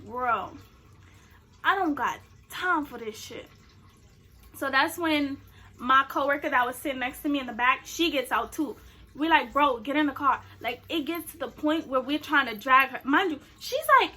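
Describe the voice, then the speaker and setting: A young woman telling a personal story on her vlog, casual and profane, acting out what everyone said. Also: sits high. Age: young adult. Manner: animated, profane, acts out quotes. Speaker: vlogger.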